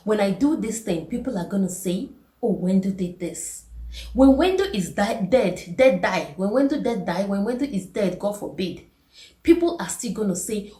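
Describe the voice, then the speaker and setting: A woman's voice: medium pitch, animated, normal speed, dark tone, roomy sound. A young woman giving an earnest self-care pep talk, repeating key words and asking the listener direct questions. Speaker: vlogger.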